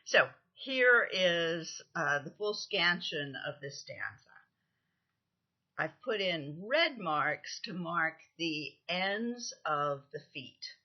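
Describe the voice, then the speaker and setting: A woman lecturer giving a recorded lesson, explaining things patiently, counting out stresses and often pausing with "um". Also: fairly low pitch, animated, lo-fi sound. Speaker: literature lecturer.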